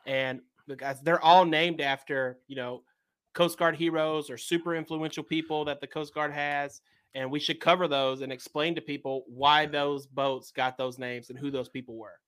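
A man co-hosting a podcast, talking in a relaxed way with plenty of fillers. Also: fairly high pitch, normal speed, clear, resonant tone. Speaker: podcast co-host. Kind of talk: casual podcast chat.

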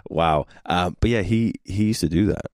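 Young male actor guest, deep, dry close mic, reflective and loose. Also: moderate pace, darkish tone, dry recording. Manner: reflective, trails off, laughs easily. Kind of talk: casual podcast conversation.

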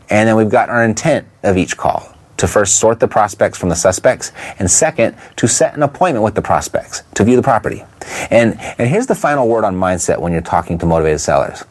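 A man coaching listeners in an instructional talk, stressing his points and asking quick rhetorical questions. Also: mid-range voice, darkish tone. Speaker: real estate investing coach.

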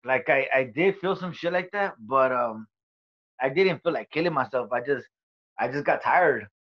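Man, interview guest, profane halting storytelling, lots of fillers, dull lo-fi recording. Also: mid-range voice, lively intonation.

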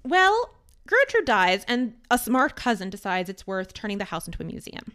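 Woman podcast host, chatty and wry, storytelling, normal pitch. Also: a little fast, clear, resonant tone. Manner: chatty, animated, wry asides. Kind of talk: casual storytelling chat.

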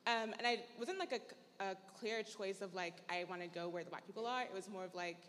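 A woman's voice: mid-range voice, brisk, a bit bright, a little hiss or hum. A young woman from Tennessee, a panelist telling her story in a casual, chatty, reflective way. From Tennessee, USA. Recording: long hall reverb.

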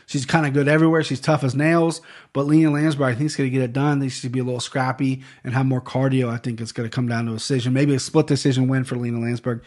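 Rapid-fire and level in tone, a young man's darkish mid-range voice carries a laid-back sports-betting podcast about fight picks, recorded at a desk mic. His delivery is rambling and profane, and names often trip him up.

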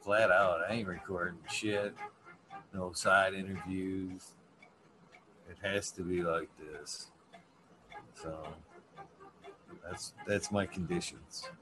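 A man's voice: sits low, steady tone, noisy background. A man hosting a live stream, talking casually and reading chat names aloud, swearing freely. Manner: slow, laid-back, swears often, reads chat names aloud. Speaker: livestream host. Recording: music playing loudly behind. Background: music.

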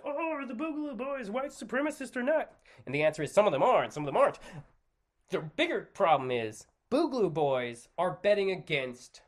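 A man rants alone into his podcast microphone, sarcastic and swearing freely. His pitch swings widely as he jokes and argues. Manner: sarcastic, profane, animated. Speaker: podcast host. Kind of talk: solo opinion rant.

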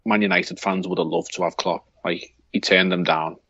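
Low-voiced Liverpool man, rambling chat. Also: level tone, normal speed, pushed and bright, breathy edge, dry recording, muffled recording. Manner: rambling, hesitant, with frequent restarts and fillers. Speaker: podcast co-host. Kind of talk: casual podcast chat.

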